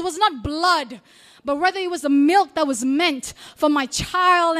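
A woman's voice: high-pitched, fairly bright tone. A woman with a Malaysian accent giving a spoken word poetry performance, reciting with dramatic, emphatic phrasing.

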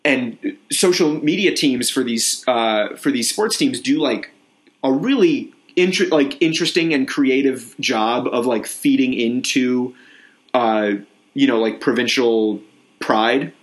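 A man's voice: medium pitch, a little slow. A young man co-hosting a podcast, chatting casually and rambling through lots of filler words. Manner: animated storytelling with acted-out quotes. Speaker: podcast co-host. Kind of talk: casual chat.

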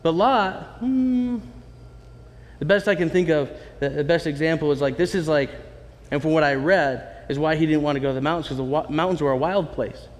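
A man preaching a sermon in a conversational, animated way, with asides to the congregation. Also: fairly high pitch, normal speed, in a large hall. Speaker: pastor.

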